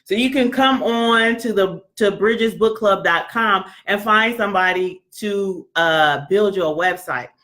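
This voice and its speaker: A loud, chatty woman hosts a casual book club talk. She jokes, laughs often and slips into little acted-out voices as she walks through a website. Her pitch sits at an ordinary middle height. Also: unhurried, hardly any pauses. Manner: chatty, joking, acts out quoted voices. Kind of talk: casual chat presenting a website.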